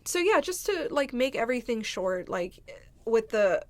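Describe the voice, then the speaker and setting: A woman's voice: on the high side, big pitch swings, moderate pace. A woman telling a candid storytime to camera in casual chat, rambling and peppered with "like". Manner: candid, rambling, heavy use of "like". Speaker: vlogger. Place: indoors, seated at home.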